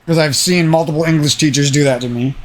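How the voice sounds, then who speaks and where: This young man hosts a gaming channel and chats in a wandering, profane way that keeps turning into rants. He talks fast in a slightly nasal, high-leaning voice with fairly even intonation, over a little background hiss or hum.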